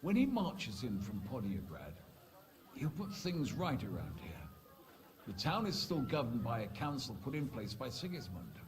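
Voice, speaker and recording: A composed middle-aged knight talks in a game with a calm, measured manner and a dry touch. His pitch moves very freely while staying in an ordinary middle range.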